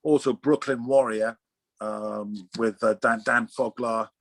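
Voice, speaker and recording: A man's voice: medium pitch, fairly even intonation, slow, creaky, fairly bright tone, no room sound. Guest artist: middle-aged man, sweary and rambling, restarts mid-sentence, on a dry video-call mic. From Oxfordshire, England. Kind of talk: casual interview chat.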